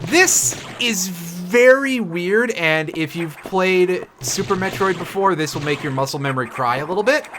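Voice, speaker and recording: A man's voice: sits high, lively intonation, moderate pace, few pauses, background noise. A man streaming a game, giving casual, sarcastic commentary with swearing and jokes. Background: game music.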